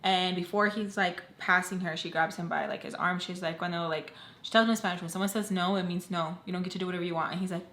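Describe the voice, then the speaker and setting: A woman's voice: fairly low pitch, fairly even intonation, quick pace, hardly any pauses, a bit bright. A young woman telling a personal story in a casual storytime vlog, chatty and full of "like". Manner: chatty, filler-heavy with constant "like". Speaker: storytime vlogger. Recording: echoey room.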